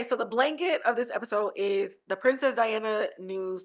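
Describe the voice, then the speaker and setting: A woman's voice: medium pitch, fairly bright tone. A woman hosting a casual TV recap podcast, teary and gushing, often laughing as she talks. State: teary, close to crying. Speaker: podcast host.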